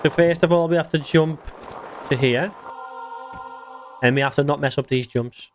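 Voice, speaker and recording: A man's voice: fairly high pitch, moderate pace, faint music behind. A man with a Geordie accent chatting casually while playing a game and talking through it. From northeast England. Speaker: streamer. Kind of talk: casual gameplay commentary.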